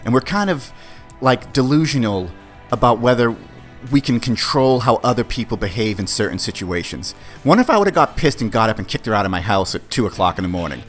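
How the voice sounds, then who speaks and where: A man hosting his own podcast, telling a story in a casual, profane way. He talks straight to his listeners and swings from loud disbelief to low mutters. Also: fairly quick, soft background music. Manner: animated, profane, addresses listeners as guys. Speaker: podcast host.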